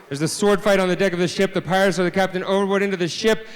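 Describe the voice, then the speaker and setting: A man, a children's author, telling a story live to a family audience, swinging from hushed deadpan asides to loud exclamations. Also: sits high, very fast, hardly any pauses, clean tone, long reverb tail. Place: library event space.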